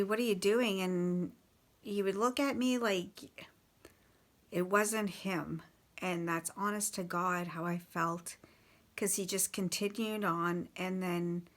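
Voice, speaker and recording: A woman casually recounting life with a partner's drinking, halting and swearing bluntly, with many restarts. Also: medium pitch. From Canada. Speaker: partner of a recovering alcoholic. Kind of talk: casual personal storytelling.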